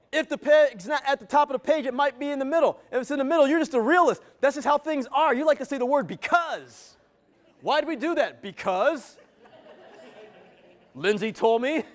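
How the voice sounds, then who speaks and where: Male motivational speaker with a high voice, working a live crowd playfully. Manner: energetic, playful, teasing the audience. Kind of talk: interactive live keynote. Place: event venue with a live audience.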